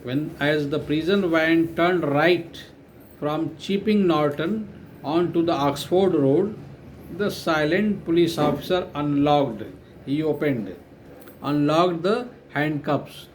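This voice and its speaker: Indian male English teacher, slow and deliberate, a little high-pitched, spells words aloud and repeats lines for note-taking. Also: slight background noise. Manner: spells out words letter by letter and glosses their meanings. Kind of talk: slow classroom lecture retelling a story.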